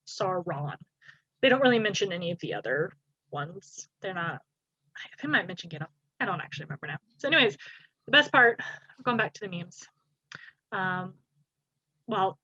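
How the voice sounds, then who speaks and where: A woman's voice: on the low side, lively intonation, moderate pace, long pauses, sharp tone, slightly rough, dry recording, dull audio. A woman co-hosting a podcast, chatting casually about fan memes and giggling often. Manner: giggly, reads meme captions in little voices. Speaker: podcast co-host.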